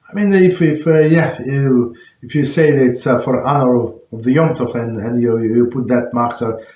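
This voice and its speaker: A man's voice: mid-range voice, normal speed, a little mellow. A man, a rabbi, explaining points of religious law to an online class and searching for words as he goes. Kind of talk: answering questions on religious law. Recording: roomy echo.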